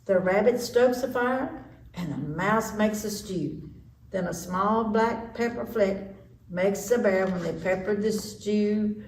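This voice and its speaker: A woman reading a children's story aloud with slow, expressive delivery. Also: mid-range voice. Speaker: story time reader. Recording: echoey room, distant mic, faint noise.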